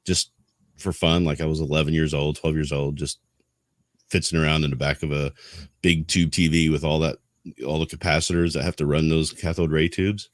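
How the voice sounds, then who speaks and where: A man's voice: a bass voice, little pitch movement, normal speed, dry recording, studio quality. A middle-aged man co-hosting a casual podcast, rambling and reminiscing with self-deprecating asides. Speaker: podcast co-host.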